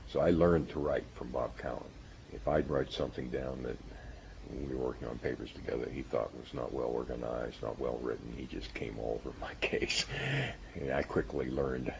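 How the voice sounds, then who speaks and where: A man's voice: extremely low pitch, gravelly, muffled recording, a little hiss or hum. An older man who is a physicist, telling stories from his graduate school years and chuckling at times. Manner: warm storytelling with chuckles. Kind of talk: reminiscing interview.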